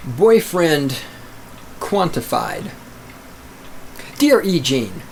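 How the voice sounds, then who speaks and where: A man's voice: on the high side, lively intonation, moderate pace, a little hiss or hum. A man hosting a podcast, reading listener letters aloud and ranting at them in a profane, combative, sarcastic way. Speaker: podcast host.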